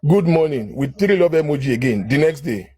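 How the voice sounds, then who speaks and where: A man's voice: fairly high pitch, animated, a little fast, warm tone. A man with a Nigerian accent in a heated live online debate, reading out chat messages and pressing his point insistently.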